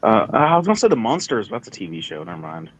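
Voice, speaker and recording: A man chatting casually on a group call, rambling and trailing off into quiet asides. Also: medium pitch, huge pitch swings, fast, no echo, muffled recording. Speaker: livestream participant.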